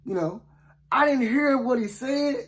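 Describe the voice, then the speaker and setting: A man's voice: very high-pitched, measured pace. Folksy man retelling a Bible story. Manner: folksy, conversational, often asks "you know what I'm saying". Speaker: preacher. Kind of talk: casual first-person Bible storytelling.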